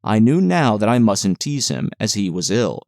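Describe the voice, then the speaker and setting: Male audiobook narrator, lowish voice, dry close studio sound, measured literary reading. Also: vocal fry, no echo. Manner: measured, even reading with quoted dialogue.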